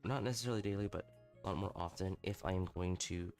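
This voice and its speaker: A young man with a very low voice chats on his livestream, candid and self-mocking, swearing freely as he tells stories. Soft music plays faintly behind him. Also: fast talker. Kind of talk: casual storytelling stream.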